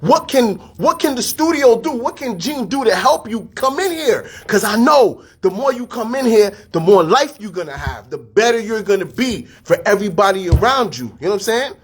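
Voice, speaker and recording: Pumped up dude hyping gym members, slangy, husky kinda high voice. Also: male voice, normal speed, few pauses. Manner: energetic, street slang, repeats phrases. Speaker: fitness studio staff and podcast host. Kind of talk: casual motivational talk.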